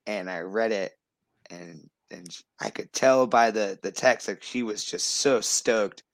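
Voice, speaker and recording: A man in his thirties, a show guest, telling a personal story with lots of fillers and excited restarts. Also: on the low side, measured pace, no echo. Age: 30s. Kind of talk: casual storytelling.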